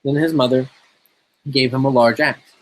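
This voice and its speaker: A man casually reading a fairy tale aloud in a relaxed, steady way. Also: mid-range voice, moderate pace, poor audio. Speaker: storyteller.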